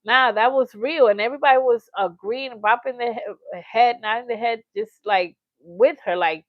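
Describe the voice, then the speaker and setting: A woman hosting a casual livestream, talking straight to her viewers and reading out their comments. She is chatty and animated, laughs often and acts out little quotes. The sound is dull and lo-fi, with a dry, close room. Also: fairly high pitch, moderate pace, no room sound. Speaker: livestream reaction host.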